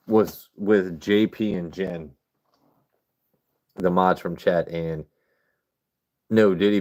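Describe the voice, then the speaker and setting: Deep-voiced man rambling on a livestream. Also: a little mellow. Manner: rambling, profane, chatting with viewers. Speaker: livestream host. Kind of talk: casual livestream chat.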